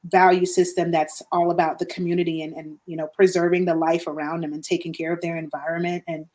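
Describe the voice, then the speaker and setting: A woman's voice: lowish voice, little pitch movement, fast talker, a little mellow. A woman talking on a podcast in an earnest, explaining way, often restarting her sentences. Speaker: podcast guest or co-host. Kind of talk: conversational podcast talk.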